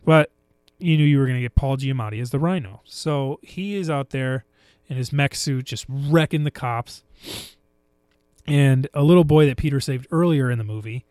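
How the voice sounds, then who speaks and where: A man's voice: mid-range voice, moderate pace, a little mellow, clean tone, no echo, studio quality. A man chatting casually about movies on a podcast, rambling with restarts and now and then putting on silly voices for quotes. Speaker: podcast co-host.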